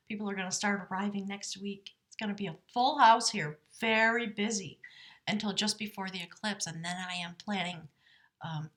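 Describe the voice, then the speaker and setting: Captured on a device camera microphone, a woman at home runs a tarot live stream. She speaks at a medium pitch, reflecting casually with earnest spirituality and slipping now and then into hushed asides.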